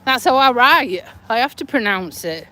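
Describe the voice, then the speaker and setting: A woman's voice: fairly high pitch, expressive, moderate pace, pushed and bright. An English woman chatting to her live viewers while she walks along a roadside footpath, teasing and laughing often, a little out of breath, speaking into a hand-held phone. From England. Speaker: vlogger. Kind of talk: casual live-stream chat. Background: passing traffic.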